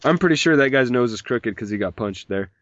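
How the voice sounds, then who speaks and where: A man's voice: medium pitch, expressive, brisk, a bit bright, no echo. A man hosting a casual podcast, rambling and joking as he reads listener messages aloud, and he has a mild migraine. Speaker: podcast host. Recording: dull lo-fi podcast audio, dry.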